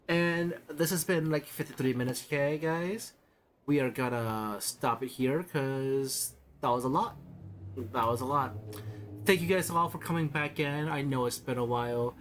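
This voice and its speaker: A man's voice: medium pitch, a bit bright, a little hiss or hum. Casual male streamer, rambling and stumbling over words. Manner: rambling, halting with repeated words. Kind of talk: casual gaming stream chat.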